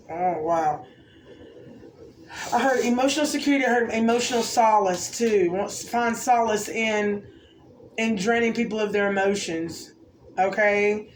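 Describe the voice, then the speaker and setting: A woman's voice: medium pitch, fairly even intonation, normal speed. A woman giving an intuitive oracle card reading to viewers, musing aloud and often asking "okay?". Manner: musing, exclamatory, keeps checking in with "okay?". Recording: roomy echo, faint background noise.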